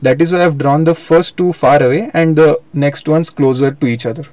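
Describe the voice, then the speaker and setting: A man's voice: fairly high pitch, normal speed, darkish tone, dry recording. A young man giving a live online physics lecture, explaining step by step and correcting himself as he goes. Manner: explanatory, repeats and self-corrects. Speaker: physics teacher.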